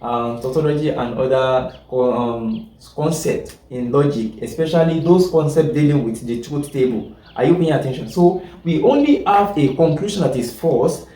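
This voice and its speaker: A man's voice: a little high, warm tone. A man teaching a logic class, repeating points, correcting himself mid-sentence and often asking whether his listeners follow. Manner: repetitive, keeps checking that listeners follow; halting, self-correcting explanations. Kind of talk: classroom lecture. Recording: echoey room, distant mic.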